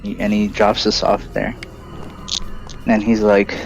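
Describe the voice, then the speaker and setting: Game music runs under a lo-fi recording of a man, late twenties or thirties, whose low, gravelly voice is completely flat and unhurried. As streamer host he tells a long, loose story full of fillers during a game stream.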